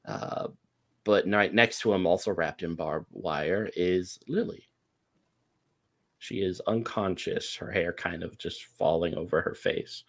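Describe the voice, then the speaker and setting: A man with a very deep voice runs a tabletop horror game as its game master. He narrates in an unhurried, descriptive way, with plenty of ums and uhs.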